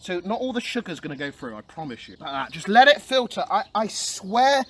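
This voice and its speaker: Out in a garden, a young man streams a casual vlog, excitable and chatty, repeatedly calling his viewers "boys." He swings between mumbling and yelling. His voice is high and a little fast.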